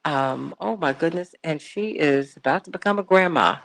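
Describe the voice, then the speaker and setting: A woman's voice: low-pitched, moderate pace, creaky, a bit bright. A woman hosting a morning talk radio show from a studio, chatty and exclamatory, often repeating her words.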